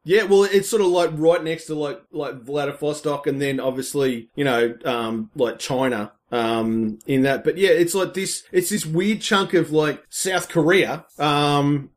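A man casually retelling a film's plot in a rambling, excitable way, full of fillers and restarts. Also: a little high, unhurried, few pauses. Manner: excitable storytelling. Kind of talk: casual film recap chat.

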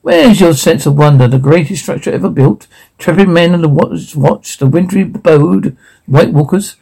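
A sardonic, quick-witted nobleman with a dry, mocking edge, as a man reads him from a script. The voice sits slightly high but sounds gravelly and mellow, with a lot of fry. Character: witty sardonic dwarf nobleman, adult male. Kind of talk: amateur read-through of a script.

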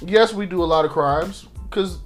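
A man's voice: sits high, moderate pace, faint music behind. A man co-hosting a podcast, arguing passionately and profanely in casual discussion, acting out quotes. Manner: impassioned, acts out quotes of police and victims; profane, repeats words when restarting. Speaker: podcast co-host.

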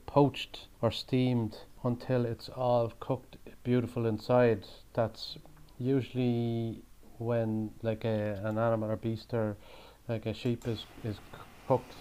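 A man's voice: mid-range voice, a little mellow. A man explaining traditional dishes in a casual chat, often restarting his sentences as he goes. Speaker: chef guest. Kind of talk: casual chat about cooking.

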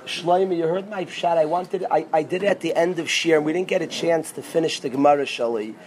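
A man teaching an informal Torah class as a rabbi, animated and rising to near-shouts when excited, sprinkling in Hebrew and Yiddish terms. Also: fairly high pitch, fairly quick, slight background noise.

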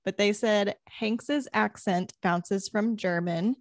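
A woman's voice: mid-range voice, slow pace, no room sound, clean studio sound. A woman co-hosting a casual podcast, wry and amused as she quotes her own notes. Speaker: podcast co-host.

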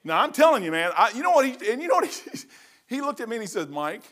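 An older man, a pastor telling folksy stories in a sermon, rambling and swinging from loud to hushed. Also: very high-pitched, big pitch swings, fast. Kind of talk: storytelling sermon.

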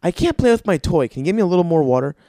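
A man's voice: high-pitched, big pitch swings, racing, mellow, no room sound, clean studio sound, pitched above the performer's own voice. A man doing a whiny stubborn toddler boy. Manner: whining, pleading.

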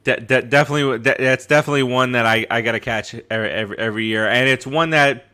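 A man's voice: medium pitch, quick pace, sharp tone, clean tone. A man co-hosting a casual podcast chat, rambling with lots of restarts and laughs. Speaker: podcast co-host.

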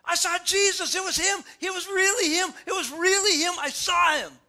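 A man acting out an overjoyed woman shouting her news in a church, repeating herself breathlessly. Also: very high voice, steady tone, normal speed, pitched above the performer's own voice, exaggerated voice. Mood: ecstatic shouting.

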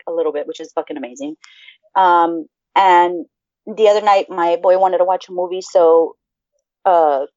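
A woman's voice: on the high side, dry recording. Woman co-host, casual and rambly, swears freely; dull lo-fi sound, dry. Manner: profane, animated, rambling. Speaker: podcast co-host. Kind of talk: casual chat.

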